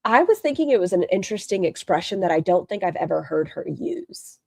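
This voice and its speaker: Woman, live reaction host, sarcastic, blunt, swearing, expressive swooping pitch, dry sound. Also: quick pace, vocal fry, no room sound. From northern United States near the Canadian border. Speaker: livestream host reacting to clips. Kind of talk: casual live reaction commentary.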